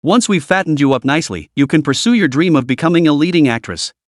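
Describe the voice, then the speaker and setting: Cocky young husband read by a man, teasing and scornful, fairly high, animated. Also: quick pace, no room sound, clean studio sound, lightly acted. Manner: teasing, mocking.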